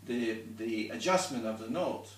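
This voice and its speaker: A man's voice: mid-range voice, lively intonation, normal speed. A man giving a one-on-one violin lesson, explaining patiently and showing as he goes. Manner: patient, explains with demonstrations and restarts. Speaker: violin teacher. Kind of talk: one-on-one instruction. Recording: roomy, from a distance.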